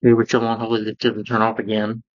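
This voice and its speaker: A man's voice: lowish voice, completely flat delivery, fairly quick. Rambling man recapping a cartoon, lo-fi. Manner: rambling recap full of "you know" fillers. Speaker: cartoon reviewer. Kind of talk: casual spoken review.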